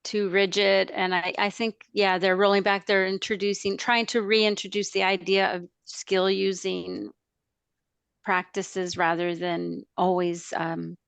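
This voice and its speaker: A woman's voice: mid-range voice, level tone, unhurried, gravelly, a bit bright, smooth, no room sound. A woman language instructor talking through ideas in a webinar discussion, with many fillers and restarts, over a video call. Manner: hesitant, lots of fillers and restarts.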